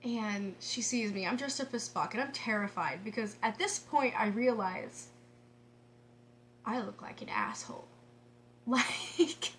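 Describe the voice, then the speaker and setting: A woman vlogger telling a story in a casual, excitable way, laughing often and restarting her sentences. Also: fairly high pitch, a little slow, a little hiss or hum.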